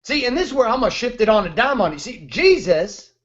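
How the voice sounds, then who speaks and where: A man's voice: very high voice, very animated, quick pace, highs cut off. A man in his thirties hosting a show, ranting bluntly and emphatically with plenty of profanity. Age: 30s. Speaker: host, motivational speaker. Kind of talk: fired-up motivational rant.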